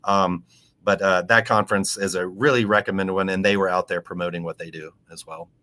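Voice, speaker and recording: A man talking as a guest in an interview, explaining things in a teacherly way and spelling out terms slowly. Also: sits low, steady tone, bright, forceful tone. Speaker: aquaponics educator and podcast guest.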